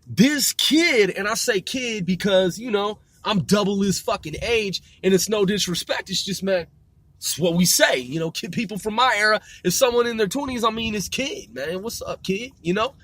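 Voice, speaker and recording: A man's voice: sits high, normal speed, fairly bright tone, dry recording. A man in his forties, talking casually and rambling with lots of swearing and self-corrections while he drives, for a mobile podcast. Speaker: podcast host. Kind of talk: casual rant while driving. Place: in a moving car. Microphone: mobile recording.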